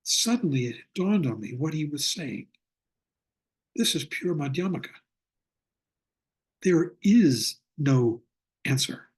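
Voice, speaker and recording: An older man with a husky, slightly breathy voice that sits a little high for a man. He teaches a Buddhist class over a video call in a reflective, unhurried way and slows down to stress his points. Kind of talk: online lecture with storytelling.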